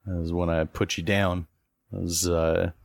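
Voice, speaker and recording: A man's voice: deep voice, flat delivery, slow pace, gravelly, no echo. A man playing in a tabletop game, thinking aloud hesitantly with many restarts. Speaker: player.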